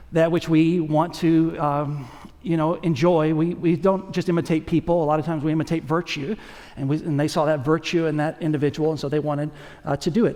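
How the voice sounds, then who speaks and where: A male pastor preaching in a lively, conversational way, tossing in jokes and asides to the people in front of him. His voice sits somewhat high for a man, and it carries through a big church with long reverb trailing behind it. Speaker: lead pastor. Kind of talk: sermon. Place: church sanctuary.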